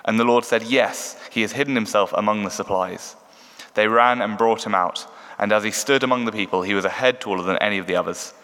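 A man giving a measured Bible reading in a church. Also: fairly low pitch, a bit bright. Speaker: scripture reader. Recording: echoey church hall.

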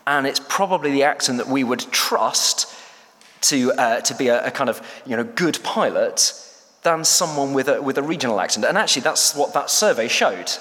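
A man's voice: medium pitch, animated, moderate pace, fairly bright tone. A man preaching a sermon in a church, chatty and hesitant with many fillers. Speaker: church staff member preaching. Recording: echoey church hall.

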